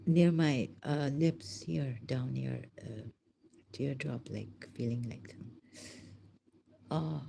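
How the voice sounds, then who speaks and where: A woman talks slowly in a deep, dark voice, pausing often and sinking into whispers. She sounds overwhelmed and emotional. A faint hiss sits under her voice. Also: vocal fry. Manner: halting, hushed, often breaks into whispers. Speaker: vlogger. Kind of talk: unscripted spoken reflection.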